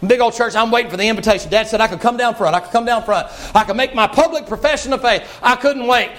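A male preacher delivers a folksy sermon. His voice sits very high and often climbs into shouts. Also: quick pace. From Southern United States.

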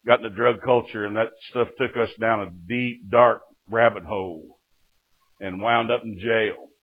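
Middle-aged preacher, fervent testimony with frequent amens, tinny lo-fi recording. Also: male voice, on the low side, measured pace, slightly rough. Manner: fervent storytelling, punctuated with "Amen". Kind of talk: sermon testimony. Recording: tinny lo-fi phone-like sound.

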